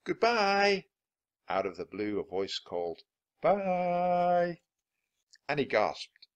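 A man reading a children's chapter book aloud, with clear, expressive narration. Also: low voice, moderate pace, muffled recording. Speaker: storybook reader.

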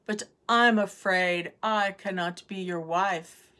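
A woman voicing a calm, clever young princess in a storybook reading, speaking quietly and humbly. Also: mid-range voice, takes it slowly.

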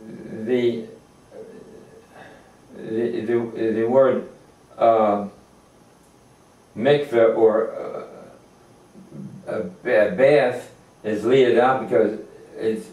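An older man teaches a Torah lesson at an unhurried pace, stopping often to search for words and restart. His voice reaches the mic from a distance in a roomy, echoing space. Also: medium pitch, a little mellow. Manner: halting, many fillers and restarts. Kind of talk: informal religious lecture. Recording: echoey room, distant mic.

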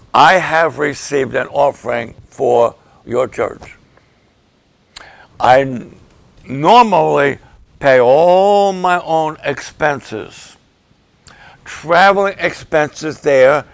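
A male pastor preaching to the camera, slow and emphatic, repeating key phrases for weight. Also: a little high, creaky, dry recording. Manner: slow, deliberate, emphatic with repetitions.

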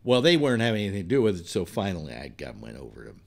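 Older male talk host, blunt and profane rambling storyteller, lively animated delivery. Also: low-pitched, very fast, gravelly. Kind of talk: rambling personal anecdote.

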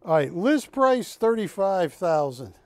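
A man's voice: high-pitched, measured pace, no echo. A man hosting a live shopping broadcast, selling art with a joking, chatty manner. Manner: joking, animated, teasing co-hosts. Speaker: shopping channel host. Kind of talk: live sales pitch.

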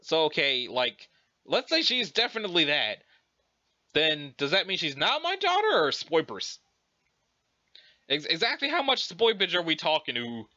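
A brash, teasing teenage girl played by a man reading a webcomic aloud who talks in loose slang and keeps prodding for answers. Her voice sits high and swings widely in pitch with a bright, forceful edge, through a dull, lo-fi recording. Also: huge pitch swings, moderate pace, no room sound, full character voice. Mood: teasing, pushy.

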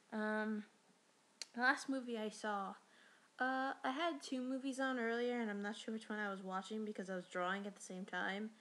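A woman's voice: mid-range voice, a bit bright. A teenage girl from New York talking casually in a rambling, chatty way, swearing now and then. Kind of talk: casual voice meme monologue.

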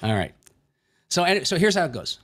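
A man preaching a sermon with a fairly high voice. He jokes with his listeners and acts out casual street conversations in a folksy way. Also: big pitch swings, normal speed, a bit bright. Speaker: pastor.

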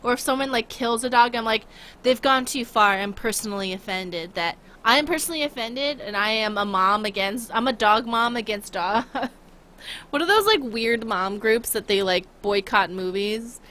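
A woman's voice: fairly high pitch, moderate pace, bright, forceful tone. A young woman streaming a game, chatting casually and rambling with giggles, talking to her chat and her dog.

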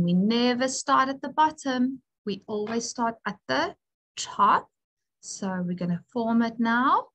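A woman teacher giving an early literacy lesson to young children, speaking clearly and encouragingly with call-and-response prompts. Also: on the high side, rough recording.

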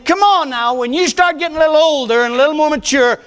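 Older man, pastor preaching, high voice, folksy, fired-up, stumbles and repeats words. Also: fast, a bit bright. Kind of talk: preaching a sermon. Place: church sanctuary at the pulpit.

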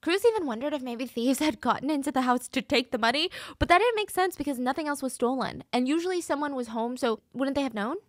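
A woman's voice: sits high, expressive, quick pace, few pauses, no echo, clean studio sound. A woman hosting a true crime podcast, telling the story in a chatty, conversational way. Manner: chatty, conversational, acts out quotes.

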